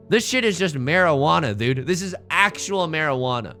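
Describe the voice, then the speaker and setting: A man's voice: a little high, big pitch swings, moderate pace, few pauses, sharp tone, faint music behind. A man streaming a game, joking around and reading the game's text aloud in silly voices. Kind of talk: casual game commentary.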